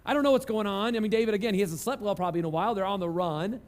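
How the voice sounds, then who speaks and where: A man's voice: high voice, rapid-fire. A man preaching a conversational sermon, telling self-deprecating stories. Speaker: pastor.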